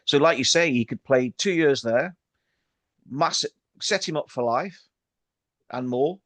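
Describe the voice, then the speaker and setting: A man co-hosting a football chat show, his voice at an ordinary middle pitch. He chats easily and moves the talk along to the next story. The recording is dry and close-up. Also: lively intonation, unhurried, fairly bright tone, no room sound. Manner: chatty, steers the talk onto new topics. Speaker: podcast co-host.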